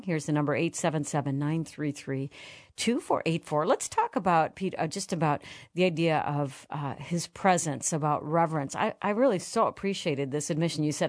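A woman hosting an interview, earnest and reflective, reading passages aloud slowly. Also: low voice, dry recording, studio quality. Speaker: host. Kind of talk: radio interview.

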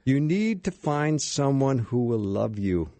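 A man's voice: medium pitch, big pitch swings, measured pace, mellow, no echo. A man hosting a Christian talk radio show in a studio, casual and self-deprecating with his guests.

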